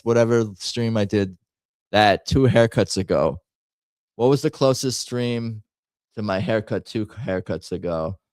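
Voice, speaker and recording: A man's voice: mid-range voice, darkish tone, no echo, clean studio sound. A man hosting a live stream, chatting casually in a rambling, jokey way that keeps breaking off mid-sentence. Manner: rambling, self-interrupting, jokey. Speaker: streamer host.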